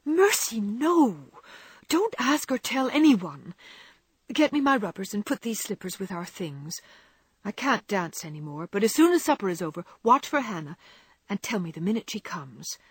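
A woman voicing a gentle, weary young woman who is the older sister, speaking softly and pleadingly. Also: medium pitch, sing-song, a little fast, husky, no echo. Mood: urgent. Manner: soft, tired and pleading.

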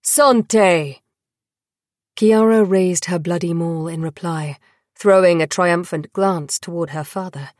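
Slow, measured female audiobook narrator. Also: fairly low pitch, darkish tone, no room sound, studio quality. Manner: measured and dramatic. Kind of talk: scripted narration.

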